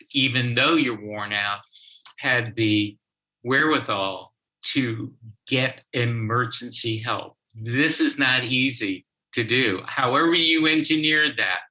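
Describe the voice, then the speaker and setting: A man speaking as an interview guest, telling a story from his counseling work in a halting way with frequent restarts. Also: mid-range voice, pushed and bright, low-quality recording. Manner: slow, halting, with many restarts. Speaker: guest, child therapist.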